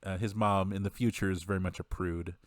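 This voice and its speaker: A man's voice: low-pitched, fairly even intonation, a little fast, dry recording, studio quality. A man on a podcast mic, casually recapping a movie in a rambling way, laughing and acting out the quotes. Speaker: podcast co-host.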